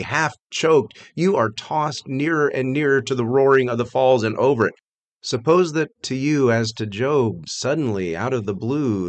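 A man reading a sermon aloud from a manuscript, building intensity in the passionate passages. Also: mid-range voice.

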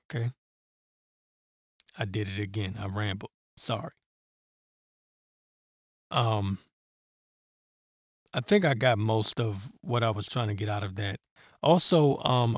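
A man's voice: lowish voice, no echo, clean studio sound. A man hosting a solo podcast, talking in a rambling, heated way with profanity and many fillers. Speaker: podcast host. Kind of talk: solo political commentary.

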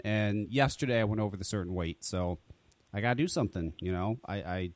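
A man's voice: medium pitch, a little fast. A man hosting a casual talk radio show, joking and swearing, often stammering and repeating words. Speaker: podcast host.

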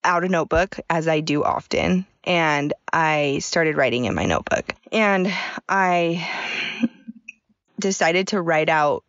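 A woman's voice: low-pitched, measured pace, fairly bright tone, no echo, highs cut off. A woman in her thirties co-hosting a podcast, telling a personal story in a chatty way and laughing often. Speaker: podcast co-host. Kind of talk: casual podcast chat.

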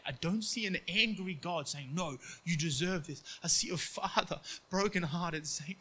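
A man preaching a sermon earnestly, acting out quoted voices in hushed tones. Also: a little high, normal speed, few pauses, slightly rough, low-quality recording.

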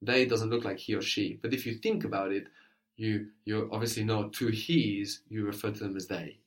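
Patient man teaching, somewhat low voice. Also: steady tone, moderate pace. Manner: patient, prompting questions, often checks with "no?". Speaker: language teacher. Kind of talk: guided language lesson.

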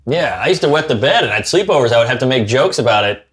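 A male comedian, a guest on the show, riffs in a wry, conversational way. His voice sits at an average pitch for a man and has an even, everyday tone. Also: fast. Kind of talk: casual chat.

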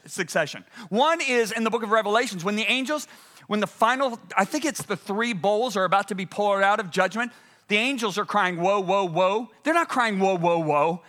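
Emphatic high-voiced male preacher. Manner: emphatic, swings from loud urgent peaks to hushed low passages. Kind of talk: sermon.

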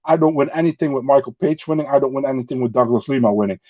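A man's voice: mid-range voice, racing, dry recording, muffled recording. A man from the Netherlands, a native Dutch speaker, talking bluntly as a podcast guest in casual chat, with non-native phrasing and swearing.

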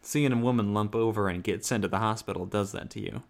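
A man's voice: fairly low pitch, fast, vocal fry. A man playing a dry, probing noir detective. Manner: dry, probing, stumbles into restarts. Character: probing hard-boiled male detective narrating in first person.

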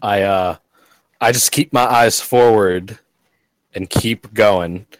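A man's voice: lowish voice, slow pace, dry recording, poor audio. Wry man player, dry sound. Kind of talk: casual tabletop game chat.

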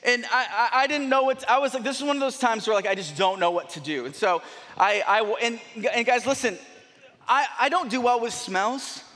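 A young man preaching, telling a rambling, animated story with many restarts. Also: extremely high pitch, fairly quick. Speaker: pastor. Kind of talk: sermon storytelling. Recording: long hall reverb.

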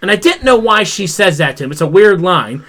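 Young guy with a pretty high voice ranting about a show, lots of "like", swears a bunch, animated and fed up. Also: fairly quick. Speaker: podcast host. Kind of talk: casual pop culture review chat.

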